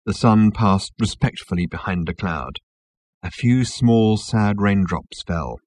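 A man narrating a comic novel as an audiobook, with a wry, expressive delivery. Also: on the low side, takes it slowly.

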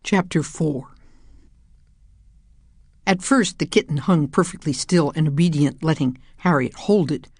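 A woman narrating a children's audiobook in a calm, measured way. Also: deep voice, husky, dry recording, clean studio sound.

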